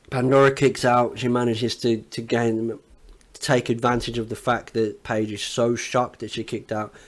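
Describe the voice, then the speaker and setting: A man reviewing a wrestling event as an analyst, recapping the matches with excitement and frequent swearing. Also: medium pitch, unhurried.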